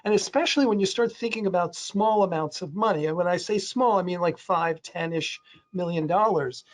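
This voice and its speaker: A man's voice: high voice, fairly quick. A man speaking on a panel, rambling in a conversational way with many fillers and restarts, now and then doing playful voices for quotes. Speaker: panelist on a real estate crowdfunding webinar.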